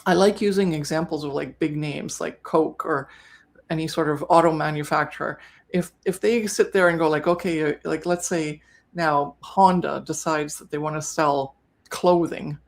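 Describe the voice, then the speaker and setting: A woman's voice: sits low, steady tone, normal speed, gravelly. A woman co-hosting a live business webinar, talking casually and often correcting herself mid-sentence. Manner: chatty, self-correcting, trips over words. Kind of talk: casual live-stream teaching.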